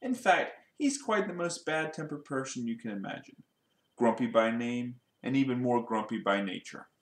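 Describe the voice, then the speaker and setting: A man reading a children's storybook aloud in a lively way, putting questions to his young listeners. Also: medium pitch, normal speed, reverberant.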